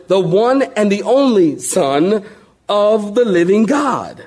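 A male pastor preaches a lively sermon in a high, husky voice that leaps up and down in pitch. He banters with the congregation, asks for amens, and sometimes sinks to a slow, quiet, solemn voice. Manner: animated preaching with a call-and-response to the congregation; folksy humor and sudden drops to a hushed, slow voice.

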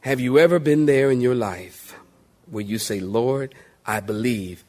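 A pastor preaching a sermon in a folksy, animated way, calling on the congregation to answer back. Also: male voice, medium pitch, unhurried.

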